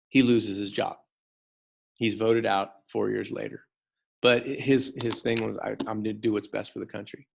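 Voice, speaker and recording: A man teaching a history lesson in an animated way, talking straight to his students and often repeating words as he goes. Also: fairly low pitch, vocal fry. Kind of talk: classroom lecture.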